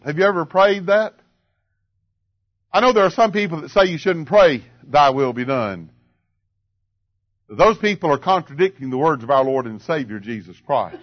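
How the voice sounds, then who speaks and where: An older man preaching a sermon in a church, swinging from ringing cries down to quiet, drawn-out murmurs. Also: on the high side, animated, lo-fi sound. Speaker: pastor.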